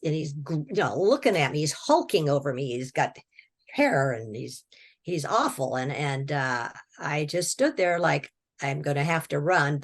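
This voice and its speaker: A woman from Washington state with a slightly low voice tells a long personal story as an interview guest. Her talk is folksy and plainspoken, with repeated words and quick little laughs. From Washington state, USA. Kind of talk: personal storytelling, recounting a near-death experience.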